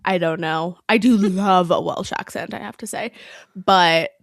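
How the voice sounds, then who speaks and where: A woman's voice: on the low side, unhurried, gravelly, dry recording, studio quality. A young woman co-hosting a casual podcast, recapping reality TV bluntly and acting out quotes from the show. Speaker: podcast co-host.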